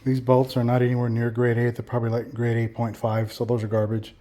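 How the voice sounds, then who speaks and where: A man's voice: medium pitch, completely flat delivery, fast talker, warm tone. A man hosting a casual install walkthrough and product review, rambling with frequent fillers and restarts. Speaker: channel host reviewing a bumper install.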